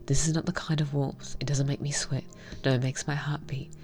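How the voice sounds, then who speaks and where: A woman reading a visual novel aloud and commenting on it, in a soft, half-whispered, heartfelt way. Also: very deep voice, flat delivery, a little fast, faint music behind. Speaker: game reviewer.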